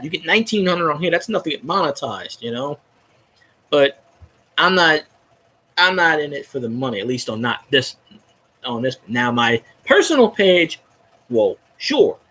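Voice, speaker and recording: A man's voice: mid-range voice, sharp tone. A man hosting his own fan video, ranting casually and cursing freely about how his team gets treated. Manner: profane, fired-up ranting.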